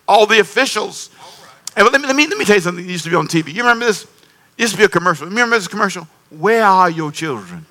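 Emphatic preaching man, bright voice. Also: high voice, vocal fry. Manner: emphatic, repeats phrases, calls on the congregation. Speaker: pastor. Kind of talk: sermon.

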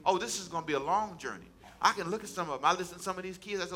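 A man's voice: high-pitched, rapid-fire, sharp tone, slight background noise. A man preaching a sermon as pastor, folksy and colloquial, repeating phrases and calling on the congregation to answer back. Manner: call-and-response preaching, repeats phrases for emphasis.

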